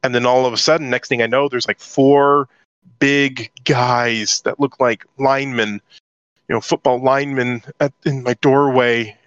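A man's voice: medium pitch, steady tone, moderate pace, fairly bright tone, dry recording. A middle-aged man from southern California, telling his life story as an interview guest and acting out his own past lines. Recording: dull dry lo-fi audio.

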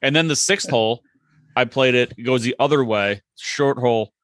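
A man telling a short golf story in a casual chat, matter-of-fact and measured. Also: medium pitch, a bit bright, no echo.

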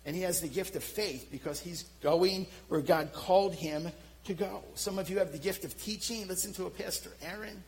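A middle-aged man with a Philadelphia accent preaching a sermon, telling self-deprecating stories in an animated way. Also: high voice, normal speed, rough recording. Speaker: pastor.

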